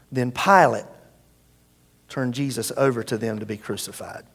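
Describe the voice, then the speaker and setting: A man's voice: mid-range voice, moderate pace, vocal fry, long pauses, slightly rough, in a large hall. A man preaching a sermon, reading scripture expressively and then explaining it in a loose, conversational way. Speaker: pastor.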